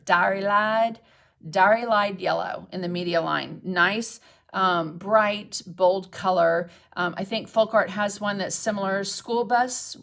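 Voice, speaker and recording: With a mid-range, slightly bright voice, a woman teaches a painting demonstration on a live stream. As a chatty mixed media art instructor, she talks to viewers while painting, keeps asking "okay?", and greets and thanks commenters during the demo.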